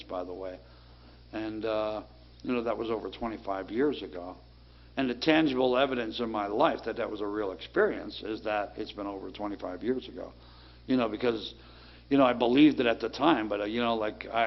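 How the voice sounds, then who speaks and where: Middle-aged new guy telling his recovery story, casual, lots of you know, kinda dull lo-fi sound. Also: on the low side. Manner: plainspoken, conversational, full of fillers. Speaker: recovery speaker. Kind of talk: personal testimony.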